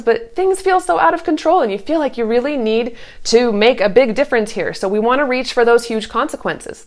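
A woman in her thirties giving casual parenting advice, earnest and reassuring, now and then putting on a sweet sing-song voice when she acts out what a parent might say. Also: on the high side. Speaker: parenting coach.

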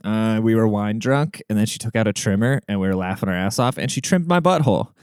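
A man's voice: fairly low pitch, a little fast, darkish tone, clean tone, no echo, studio quality. Brash, profane man ranting solo. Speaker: podcast host. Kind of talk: solo podcast rant.

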